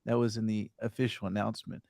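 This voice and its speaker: A man's voice: fairly low pitch, fast talker, vocal fry, no room sound. A man hosting a casual gaming podcast, reading out news items and asking his co-hosts for their views. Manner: animated, reads news items aloud. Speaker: podcast host.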